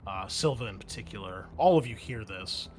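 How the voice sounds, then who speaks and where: A man running a tabletop game as game master, casual and loose, swearing freely and tossing quick asides to his players. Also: on the low side, expressive, darkish tone.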